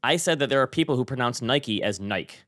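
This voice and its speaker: A man co-hosting a podcast, telling stories in animated, chatty banter. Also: mid-range voice, brisk, no echo, studio quality. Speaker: podcast co-host. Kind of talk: casual chat.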